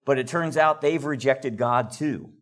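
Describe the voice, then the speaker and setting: A man leading a conversational Bible study, explaining verses in a relaxed way with chatty asides. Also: medium pitch, unhurried.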